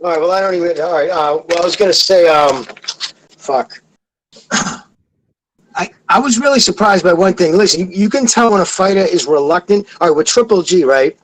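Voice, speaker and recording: A man phoning in to a boxing show, his voice a bit high. He talks in loose, rambling runs, restarting and swearing freely. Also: brisk, slight background noise. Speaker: caller. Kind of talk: casual boxing talk. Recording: phone call-in audio.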